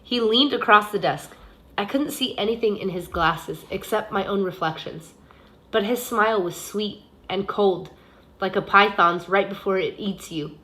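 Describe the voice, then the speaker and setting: Woman, teacher, reading a novel aloud, steady, expressive, bright voice. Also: mid-range voice, moderate pace.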